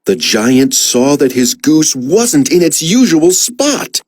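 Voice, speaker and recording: A woman reading a children's story aloud with expressive, dramatic emphasis. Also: deep voice, takes it slowly, husky, dry recording.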